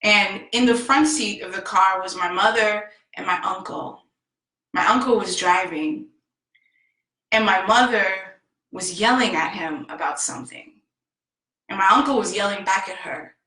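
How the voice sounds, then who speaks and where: A woman vlogger telling a personal story in a slow, heartfelt and emphatic way. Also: mid-range voice, bright, forceful tone, roomy sound, poor audio. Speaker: self-help vlogger.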